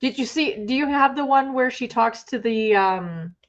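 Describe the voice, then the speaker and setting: Sarcastic woman, high voice, lo-fi mic. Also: lively intonation, normal speed. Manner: sarcastic, teasing. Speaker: livestream co-host. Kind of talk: casual livestream chat.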